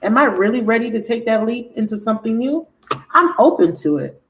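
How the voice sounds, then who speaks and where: A woman with a fairly high, expressive voice talks fairly quickly as she hosts a tarot livestream on her channel. Her candid chat is animated, with plenty of swearing and laughter. The low-quality recording carries a little hiss or hum.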